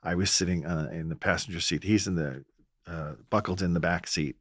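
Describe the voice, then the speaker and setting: A man, a Catholic priest, telling stories in a relaxed podcast conversation and acting out the voices he quotes. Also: deep voice, brisk, no echo, studio quality. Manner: storytelling, acts out quoted voices. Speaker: Catholic priest and exorcist guest.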